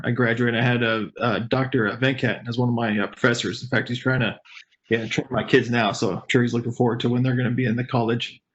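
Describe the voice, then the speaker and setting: A man introducing himself on a video call, talking quickly and correcting himself as he goes. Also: mid-range voice. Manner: quick, halting, self-correcting. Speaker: consulting engineer. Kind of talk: casual self-introduction. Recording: muffled video call with faint noise.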